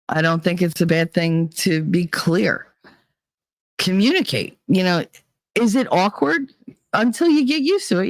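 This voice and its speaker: A middle-aged woman hosting her channel, telling a dating story to her chat in blunt, profane, animated talk and acting out both sides of the quarrel. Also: low voice, no echo. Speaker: channel host. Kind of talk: casual storytelling to a live chat.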